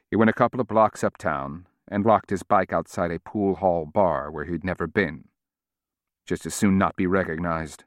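A man reading a novel aloud in a measured, steady audiobook narration. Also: deep voice, dry recording, studio quality.

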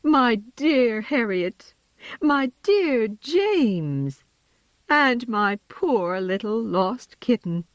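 A narrator doing a gentle mother cat. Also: medium pitch, sing-song, dry recording, pitched above the performer's own voice. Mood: tender. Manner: soft, slow, tender. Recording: slightly dull recording, set back.

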